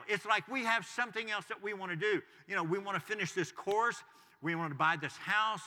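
A man's voice: high-pitched, quick pace, bright, forceful tone, big-room sound. A man preaching a sermon as pastor, talking conversationally with frequent asides to the congregation.

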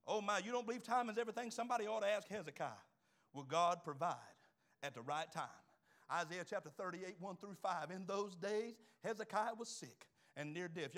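A man's voice: high voice, a bit bright. A man around sixty, preaching a fervent, folksy sermon to his congregation. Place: church in front of a congregation.

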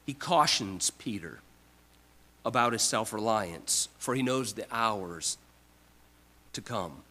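A man preaching a sermon, emphatic, with repeated restarts, swinging from loud to quiet. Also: on the low side, animated, takes it slowly, poor audio. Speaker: pastor.

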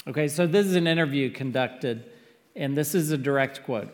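Emphatic preacher in a reverberant hall. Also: male voice, fairly high pitch, normal speed. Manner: earnest, emphatic preaching with sudden loud peaks. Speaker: pastor. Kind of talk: sermon.

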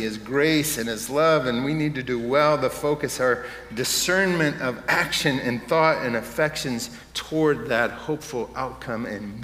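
A man's voice: mid-range voice, fairly bright tone, slight background noise. Male pastor preaching in an echoey hall. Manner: conversational preaching that rises to impassioned emphasis. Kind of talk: sermon. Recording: echoey hall with faint room ambience.

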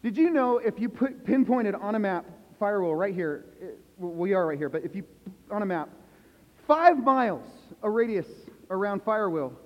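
Male pastor, high voice, preaching to a church, quizzes the crowd, soft then loud, long reverb. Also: lively intonation, normal speed. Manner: asks the congregation questions, swings from hushed to loud emphasis. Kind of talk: sermon. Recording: echoey hall, dull lo-fi sound.

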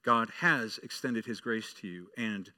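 A man's voice: on the low side, unhurried, pushed and bright. A male pastor preaching a sermon, telling a story to the children and building to emphatic preaching.

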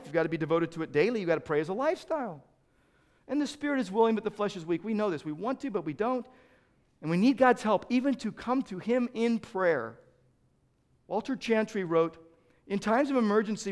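Middle-aged male pastor, high voice, dynamic sermon delivery with loud and soft swings. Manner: dynamic preaching, swings from loud emphasis to quiet.

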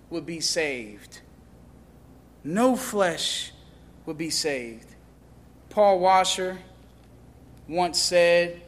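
A man with a high voice delivers a sermon at an unhurried pace. He climbs into loud, pleading questions and then drops low for emphasis. The sound carries a long reverb tail, as in a large hall. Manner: impassioned preaching, rising to loud questions and dropping low. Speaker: pastor.

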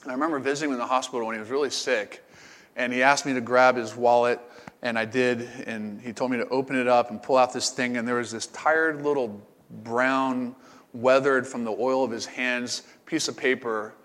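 A man's voice: medium pitch, fairly even intonation, brisk, a bit bright. Guy pastor preaching then chatting thru q and a, restarts his words a lot, big hall echo. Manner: conversational, repeats words when thinking. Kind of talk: sermon and Q and A. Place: camp meeting hall.

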